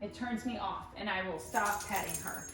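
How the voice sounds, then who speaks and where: A woman's voice: moderate pace, a bit bright. Upbeat woman trainer in an echoey room. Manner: chatty, upbeat, switches to high praise voice with the dog. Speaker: dog trainer. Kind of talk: instructional dog training demo. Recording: roomy echo, voice from a distance, faint music.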